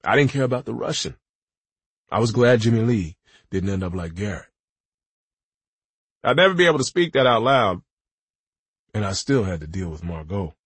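A man's voice: on the low side, slightly rough, dry recording. A man narrating a gritty first-person audiobook with a wry storytelling manner.

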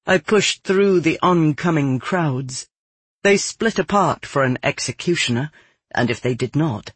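A man reading a dark first-person novel aloud in a measured, grim storytelling manner. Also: a little high, husky, dry recording. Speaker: audiobook narrator. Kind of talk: scripted first-person fiction narration.

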